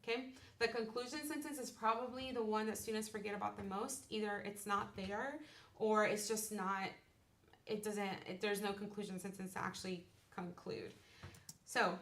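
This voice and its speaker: A woman's voice: mid-range voice, steady tone, normal speed, a bit bright. A woman teacher giving a classroom lecture. She explains step by step and keeps checking that the class understands. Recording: roomy, distant classroom recording.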